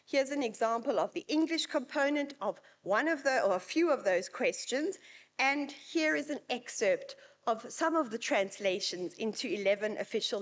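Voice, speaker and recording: South african lady presenting at a uni event, bit higher voice, chatty and joking. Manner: chatty, anecdotal, lightly humorous. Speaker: university presenter. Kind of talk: conference presentation with slides.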